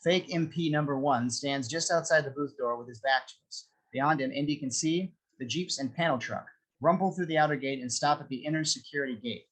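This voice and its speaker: A man's voice: a little high, a little fast, rough recording. Man reading stage directions. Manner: steady, descriptive reading. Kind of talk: script reading narration.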